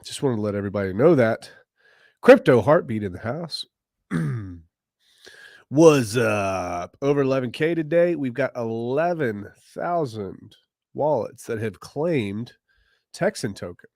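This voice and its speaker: A man hosting a casual crypto livestream, greeting viewers by name in loose slang and often clearing his throat. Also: mid-range voice, animated, a little slow, a little mellow, no room sound, clean studio sound. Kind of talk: casual livestream chat, reading viewer comments.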